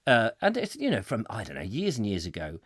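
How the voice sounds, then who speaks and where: A middle-aged man hosts a comic chat show, telling stories and acting out little voices. His pitch swoops and bounces all over, and the sound is dry and close. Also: brisk, husky, no room sound. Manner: lively storytelling, acting out voices with laughs. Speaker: host.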